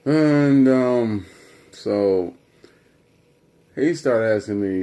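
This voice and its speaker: Brief: young man, low voice, swooping pitch, casual rambling vlog story. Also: animated, measured pace, a little mellow. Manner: rambling and conversational, with fillers. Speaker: vlogger.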